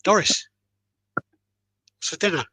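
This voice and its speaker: A man voicing an old man who calls out loudly to his deaf wife during a joke. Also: slow pace, dry recording. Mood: calling out. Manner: loud, calling out across a room.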